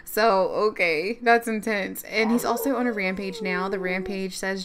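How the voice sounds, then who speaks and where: A woman doing let's play commentary on a life-sim game, excitable and quick to exclaim and laugh. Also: medium pitch, gravelly. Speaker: gamer.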